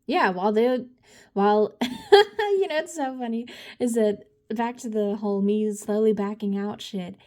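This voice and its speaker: A woman's voice: mid-range voice, steady tone, moderate pace, a little mellow. A woman giving a casual tarot reading, blunt and profane, rambling with laughs and sighs. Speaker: tarot reader.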